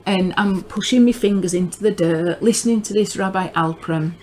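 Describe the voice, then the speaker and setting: A middle-aged woman with a northern English accent giving a rambling personal testimony, often repeating and restarting words as she grows excited. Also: medium pitch, moderate pace, slight background noise. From northern England. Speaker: religious video maker.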